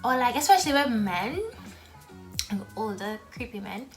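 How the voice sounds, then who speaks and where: A woman's voice: a little high, lively intonation, moderate pace, music in the background. A young woman who films herself eating at home and chats to the camera in a blunt, frank way, talking between bites. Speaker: mukbang vlogger. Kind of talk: casual talk while eating.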